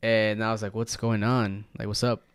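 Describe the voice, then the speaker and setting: A man co-hosting a podcast, telling a story in animated casual chat and swearing freely. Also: fairly low pitch, normal speed, smooth, no echo. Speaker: podcast co-host.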